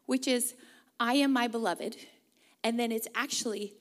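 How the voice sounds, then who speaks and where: A woman's voice: on the high side, fairly even intonation, a little slow. Earnest woman preaching a sermon. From Pacific Northwest. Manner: warm, earnest, leads congregation in reading. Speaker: guest preacher.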